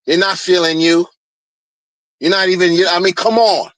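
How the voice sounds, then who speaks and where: A man's voice: high voice, fairly even intonation, normal speed, fairly bright tone, dry recording, rough recording. A man ranting in a heated, mocking way, repeating phrases to drive his point home. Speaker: streamer ranting commentary. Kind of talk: casual rant.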